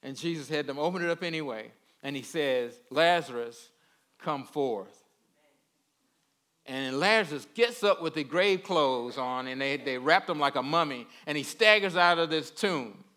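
A man's voice: a little high, normal speed, few pauses, bright, forceful tone. A man giving a conversational sermon in a folksy way. He repeats words and keeps checking in with his listeners. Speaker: preacher.

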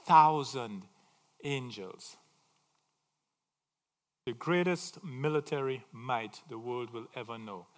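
Animated preacher man in a reverberant hall. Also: a little high. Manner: animated, swings from loud emphasis to quiet asides. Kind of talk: sermon.

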